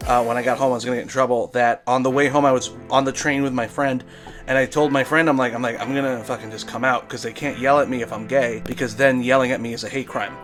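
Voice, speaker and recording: A man's voice: mid-range voice, steady tone, quick pace, fairly bright tone, faint music behind. A young adult man from Brooklyn, telling a rambling, profane comedy story in a casual monologue. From Brooklyn, New York.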